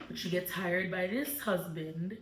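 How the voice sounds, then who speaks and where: Chatty low-voiced woman in an echoey room. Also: measured pace, a little hiss or hum. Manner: chatty storytelling with many fillers. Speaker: book club host. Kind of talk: casual book discussion. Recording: echoey room, far from mic.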